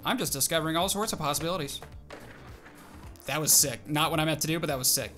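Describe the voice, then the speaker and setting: A young man giving excited, animated commentary on his own gameplay, calling out tricks and reacting aloud. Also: fairly high pitch, fast talker, faint music behind. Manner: animated, exclaims and narrates tricks to himself. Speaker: gaming video host.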